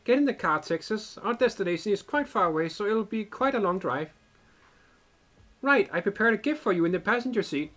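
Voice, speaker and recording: Man reading a teasing young woman driver, self-assured, slightly high. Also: expressive, brisk, fairly bright tone. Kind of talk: reading game dialogue aloud.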